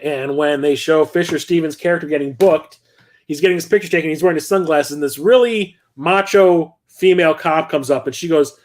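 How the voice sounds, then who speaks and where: A middle-aged man talks through his movie collection in a loose, rambling way, full of fillers and the occasional curse. His voice sits a little high for a man. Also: a little fast. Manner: rambling, chatty, with frequent fillers and profanity. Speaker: host of a film collection stream. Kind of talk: casual film chat.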